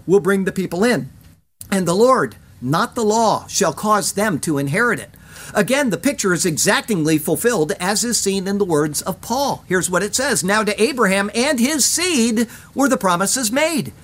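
A Bible teacher giving scripted verse-by-verse commentary, reading in a measured way and stressing key phrases. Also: mid-range voice, fairly bright tone.

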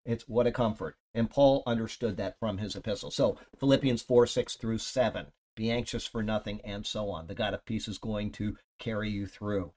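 A man's voice: on the low side, moderate pace, hardly any pauses, darkish tone. A man giving a loose, conversational Bible teaching, rambling with fillers and restarts. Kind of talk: casual Bible teaching talk.

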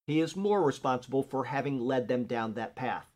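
A man's voice: mid-range voice, lively intonation, normal speed, a little mellow. An older man teaching a Bible class in an earnest, conversational way, often checking in with his listeners. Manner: conversational, earnest, frequent "okay?" check-ins.

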